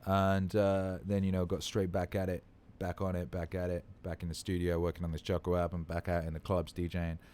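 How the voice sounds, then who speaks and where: A man's voice: low voice, monotone, a little fast, few pauses, darkish tone. A tired man hosting a livestream, chatting loosely and swearing freely as he greets viewers. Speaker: livestream host. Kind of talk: casual livestream chat.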